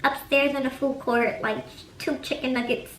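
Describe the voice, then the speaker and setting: A woman's voice: high-pitched, steady tone, moderate pace, roomy sound, recorded from a distance, a little hiss or hum, natural voice, rough recording. A young woman voicing a flustered young customer, dazed and breathless.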